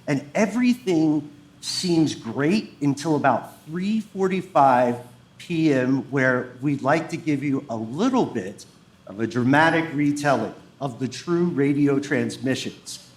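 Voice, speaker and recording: A man's voice: medium pitch, animated, measured pace. A man co-hosting a podcast, telling a story before a live audience in a dramatic, suspense-building way. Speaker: podcast co-host. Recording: roomy live venue.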